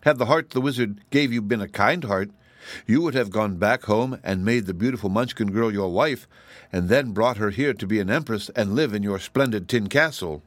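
A man's voice: fairly low pitch, moderate pace, no room sound, lightly acted. A man doing an eager, frank young wanderer. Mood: earnest. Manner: musing and earnest. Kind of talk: audiobook character reading.

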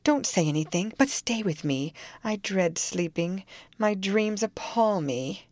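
Woman voicing a frightened feverish young woman, raised pitch, anxious pleading, storybook reading, dry close sound. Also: expressive, measured pace, darkish tone, no echo, natural voice. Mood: shaken. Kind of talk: audiobook character reading.

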